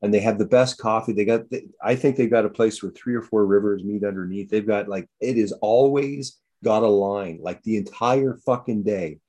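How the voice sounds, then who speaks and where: A man casually telling rambling stories in a chat, swearing often and jumping into high mocking voices when he quotes people. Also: moderate pace, hardly any pauses, breathy edge. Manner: profane, rambling, animated storytelling with jumps into high mocking voices.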